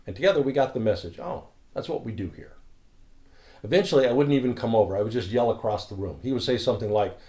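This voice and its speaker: A man who leads a spiritual community, telling a story in a calm, earnest, reflective way. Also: mid-range voice, racing, hardly any pauses.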